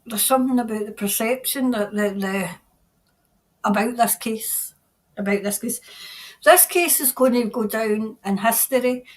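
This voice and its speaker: Earnest tarot reader, woman, middle-aged, higher voice, halting delivery, repeats herself. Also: poor audio. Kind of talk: spontaneous psychic reading.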